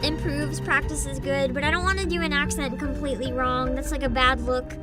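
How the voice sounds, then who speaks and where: A woman's voice: high-pitched, steady tone, brisk, loud music behind the voice. A woman streaming a game and chatting casually as a voice actor, laughing and swearing freely. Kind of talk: casual live-stream chat.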